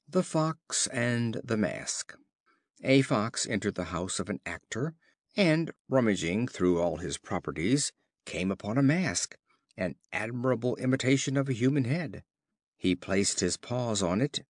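Slow, expressive male storyteller. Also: medium pitch, no echo, studio quality. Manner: slow, clear, expressive reading. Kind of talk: scripted fable narration for learners.

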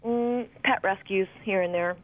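A woman's voice: mid-range voice, a little slow. A woman in her fifties talks as an interview guest in loose, candid chat. She rambles from thought to thought and swears freely. Her voice comes through a thin, tinny phone line.

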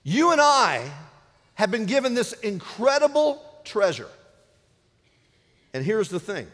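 A man preaching a sermon as pastor, dynamic, often dropping to a hushed low voice for emphasis. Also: very animated, takes it slowly. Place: church sanctuary. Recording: reverberant church sanctuary.

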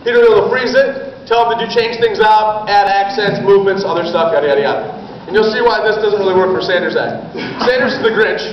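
A man's voice: high-pitched, a little fast, hardly any pauses, slight background noise. A man explaining an improv scene setup to performers in a casual, instructive way, often checking in. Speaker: improv show organizer. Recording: echoey distant lo-fi room.

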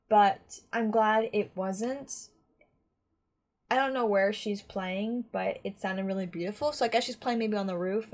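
A woman giving casual reaction commentary on an anime, talking in a rambling, chatty way with lots of restarts. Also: mid-range voice.

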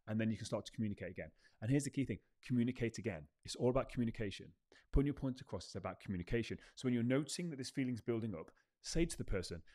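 A man's voice: on the low side, a little mellow. A man hosting a self-help podcast, speaking emphatically and repeating his key phrases for effect. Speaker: podcast host. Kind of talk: motivational self-help talk.

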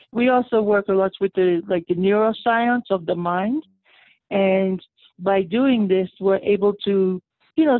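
A woman guest calling into a radio talk show, explaining her work in a steady, methodical way. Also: mid-range voice, dry recording. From raised in the Roma community. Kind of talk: radio interview by phone. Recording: tinny phone line.

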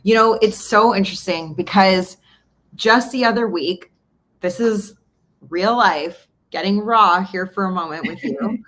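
A woman's voice: mid-range voice, a little slow. A woman podcast host from Canada, candidly telling a personal story in a casual interview. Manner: candid, storytelling, animated retelling of dialogue.

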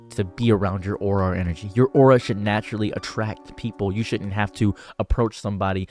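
A man's voice: on the low side, darkish tone. A man hosting a commentary video, lecturing on dating in a sarcastic, preachy way and mocking others with exaggerated voices. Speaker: commentary channel host.

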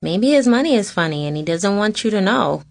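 A woman's voice: medium pitch, animated, fairly quick, creaky, no echo, voice pushed up. A woman voicing a middle-aged mother who gives frank, playful advice and scolds her daughter lightly.

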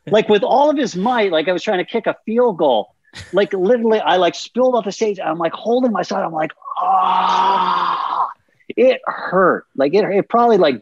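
Animated profane man telling stories. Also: on the high side, husky, no room sound, dull audio. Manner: animated, profane, acts out scenes. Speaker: podcast guest. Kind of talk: casual storytelling.

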